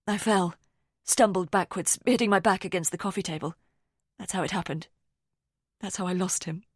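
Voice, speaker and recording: A woman's voice: fairly low pitch, normal speed, breathy edge, dry recording, studio quality. A woman reading an audiobook voices a grieving young woman who speaks in a strained, emotional, pleading way. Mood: tearful. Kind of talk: audiobook character voice.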